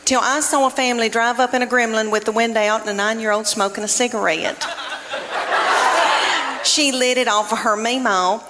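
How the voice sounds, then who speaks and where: A woman's voice: on the high side, heavy background noise. A woman, telling folksy, self-mocking stand-up stories. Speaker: stand-up comedian. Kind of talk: stand-up storytelling.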